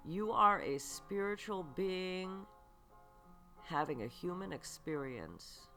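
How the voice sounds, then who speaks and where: A woman delivers a spiritual self-help podcast monologue at an unhurried pace, with a bright voice that swoops up and down. She keeps asking the listener questions and checks in with an "okay", while faint music plays underneath. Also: lowish voice, animated. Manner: slow and earnest, often checking in with "okay"; asks the listener repeated rhetorical questions. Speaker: podcast host and psychic reader.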